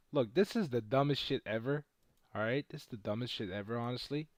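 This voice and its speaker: A man's voice: medium pitch, lively intonation, a little fast, no room sound, clean studio sound. A man chatting casually on a live stream while trading stocks, brash and boastful and swearing freely. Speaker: livestream host trading stocks.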